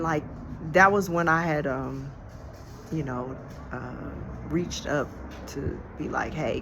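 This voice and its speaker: Relaxed, slangy porch storyteller on a phone. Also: medium pitch, background noise. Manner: conversational, reflective, slangy. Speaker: storyteller vlogger. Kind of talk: casual spoken storytelling. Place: outdoors on a porch. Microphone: phone held in hand.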